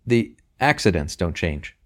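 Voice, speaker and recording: A man's voice: sits low, a little fast, a little mellow. A man reading aloud, voicing a nervous ten-year-old boy who answers hesitantly and timidly. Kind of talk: audiobook reading.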